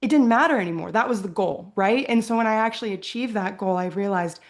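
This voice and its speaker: Woman guest, young adult, earnest interview voice, mid pitch, says "right?" a lot. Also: quick pace. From Virginia. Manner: earnest, often ends with "right?". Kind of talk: reflective interview talk.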